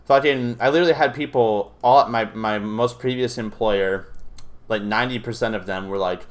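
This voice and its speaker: A young man hosts a reaction video in a loose, profane rant. His voice sits a little low, and he rambles through fillers and restarts as he tells stories between clips. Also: moderate pace. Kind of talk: casual ranting commentary.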